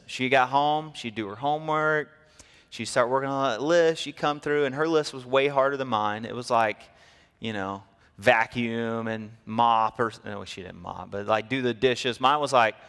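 Man, pastor, sermon, lively storytelling, mid-pitched voice, reverberant church hall. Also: clear, resonant tone. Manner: storytelling, animated, acts out quotes.

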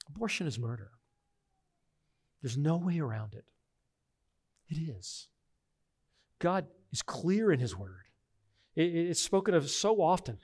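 A middle-aged pastor preaches a sermon in a somewhat high voice, earnest and emphatic. He moves back and forth between quiet reflection and forceful insistence.

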